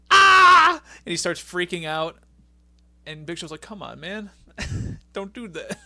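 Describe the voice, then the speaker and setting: A young man with a high, bright voice and a forceful tone co-hosts a casual wrestling podcast, recapping a match with animation and laughing throughout. The recording has no room sound.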